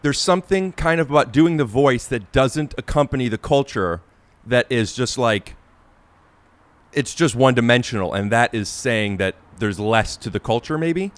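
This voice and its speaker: Podcast host, man, mid-pitched and hesitant, stops and restarts while finding his words. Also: expressive. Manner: halting, searching for words with many restarts. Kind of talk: casual podcast interview.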